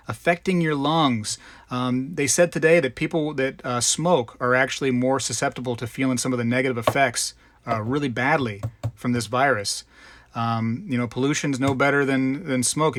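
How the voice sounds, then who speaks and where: A man's voice: medium pitch, a bit bright, no echo. A man hosting a live stream in casual, rambling chat, greeting viewers by name. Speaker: livestream host.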